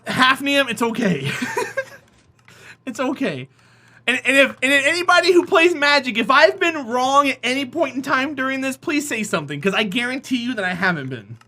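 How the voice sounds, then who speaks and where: Bright-voiced, animated live streamer. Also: sits high, normal speed. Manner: animated, slips into acted voices. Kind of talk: casual rambling storytelling.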